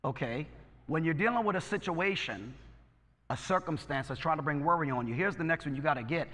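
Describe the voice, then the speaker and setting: A man's voice: on the high side, lively intonation, a little fast, fairly bright tone, in a large hall. A male pastor preaching a sermon, exhorting and calling out to his congregation. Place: church sanctuary.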